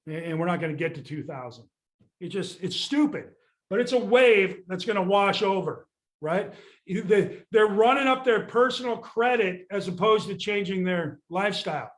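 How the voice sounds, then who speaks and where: An older real estate sales coach vents on a podcast, blunt and exasperated, tossing in casual swearing. He speaks at normal speed in a high-pitched voice with lively intonation.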